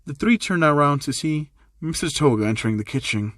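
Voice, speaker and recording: A man's voice: a little high, lively intonation, fairly quick, fairly bright tone, no echo, studio quality. A man narrating an amateur fan story in a plain, repetitive reading style.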